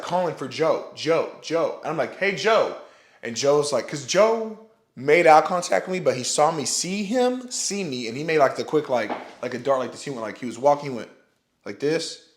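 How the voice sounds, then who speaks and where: A young man telling a personal story to the camera, rambling with many restarts and "like" and swearing now and then. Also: medium pitch. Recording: roomy echo.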